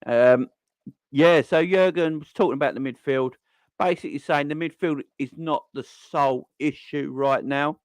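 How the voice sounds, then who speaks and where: A man hosting a casual fan live stream, rambling and excitable, full of slang and shout-outs. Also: on the high side, normal speed, no echo. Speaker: fan channel host.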